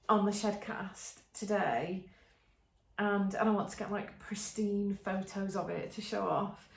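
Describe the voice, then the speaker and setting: An English woman hosting a podcast, chatting casually and enthusiastically with many ums and restarts. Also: mid-range voice. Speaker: podcast host showing knitting. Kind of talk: casual show-and-tell chat. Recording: roomy echo.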